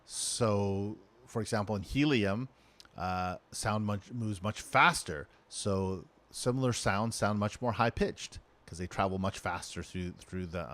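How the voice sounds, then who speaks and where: Low-voiced middle-aged man lecturing. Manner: halting, checks in with "right?" and "okay?". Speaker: teacher. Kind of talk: recorded lecture.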